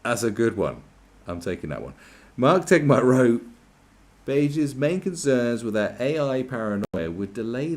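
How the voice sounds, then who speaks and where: A man delivers a profane, sarcastic rant. His pitch swings widely as he mocks and complains, his exasperation plain in every jab. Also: very animated, unhurried, darkish tone. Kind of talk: ranting commentary.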